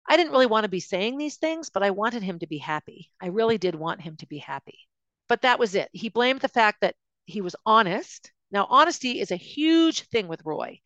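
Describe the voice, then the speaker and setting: A woman's voice: medium pitch, animated, a little fast, a bit bright, no echo, highs cut off. Woman host, personal storytelling monologue, emotional and confiding, dry close sound. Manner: emotional, confiding, with frequent restarts. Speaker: podcast host recounting her own life.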